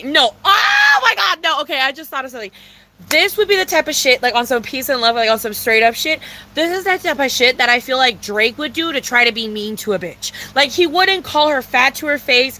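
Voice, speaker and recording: Young woman vlogger, high bright voice, dramatic profane storytime rant. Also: a little hiss or hum. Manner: dramatic, profane, heavy filler slang.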